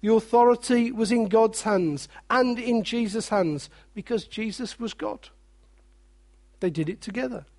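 A man preaching a sermon, animated, with joking asides and quiet, weighty drops. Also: sits high, unhurried.

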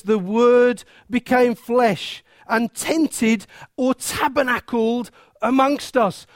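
A man preaching a sermon in a lively, conversational way, acting out quotes and often restarting his sentences. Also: very high voice, no room sound, clean studio sound.

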